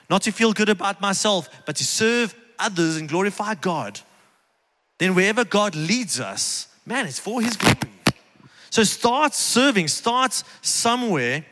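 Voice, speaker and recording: On stage in a church sanctuary, a preacher delivers a sermon in a fairly high, bright, forceful voice. He's earnest and conversational, repeating key phrases for emphasis, and the large hall gives his words a long reverb.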